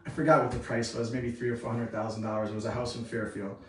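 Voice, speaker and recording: Casting note: quick, animated male agent recounting an anecdote, distant mic in a boomy room. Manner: animated, acts out scenes. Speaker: real estate agent. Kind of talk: casual storytelling. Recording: echoey room from far off.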